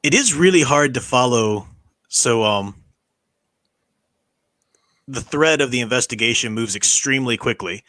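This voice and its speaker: Brief: male host, mid-pitch, dry close mic, casual movie rewatch chatter. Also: lively intonation, measured pace, long pauses, sharp tone, no echo. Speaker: podcast host. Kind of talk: casual film commentary chat.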